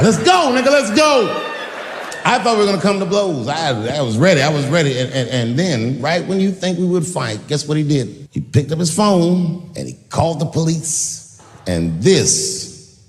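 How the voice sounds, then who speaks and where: A man's voice: a little high, in a large hall. A man doing a stand-up comedy set with a punchy delivery, acting out voices in his stories.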